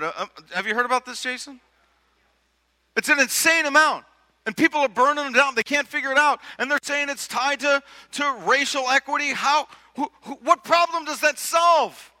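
A man's voice: very high voice, normal speed, sharp tone. A male pastor preaching a sermon in a conversational way, asking rhetorical questions and often repeating his words. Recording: long hall reverb.

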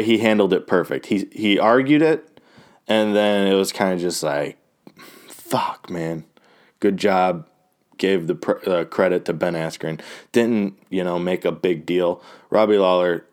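A man's voice: low voice, moderate pace. A man giving a loose, rambling and profane recap of fight results, full of fillers and restarts. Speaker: fight fan recapping a card. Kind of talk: casual talk.

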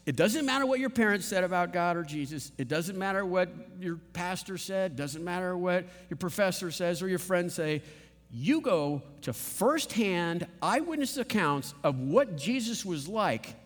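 A male pastor delivering a sermon in an animated, conversational way, full of rhetorical questions. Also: sits high, measured pace. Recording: long reverb of a large hall.

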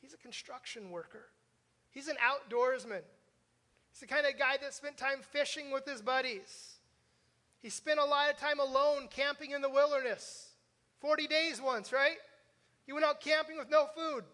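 Pastor guy preaching, kinda high voice, casual and jokey, echoey church. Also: moderate pace, sharp tone. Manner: conversational, asks the congregation questions with frequent "right?"; self-deprecating humor. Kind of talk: sermon. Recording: long reverb of a church hall.

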